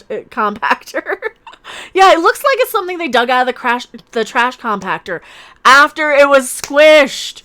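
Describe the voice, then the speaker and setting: A woman hosting a casual livestream, commenting in a sarcastic, mocking way, laughing often and swinging between loud outbursts and mutters. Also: high voice, animated, normal speed. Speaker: YouTube channel host.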